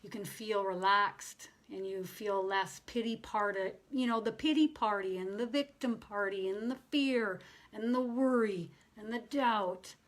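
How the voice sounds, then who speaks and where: A woman medium channeling messages live, emotional and near tears, swinging from bubbly laughter to soft hushed tones. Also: medium pitch, measured pace. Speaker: spiritual medium.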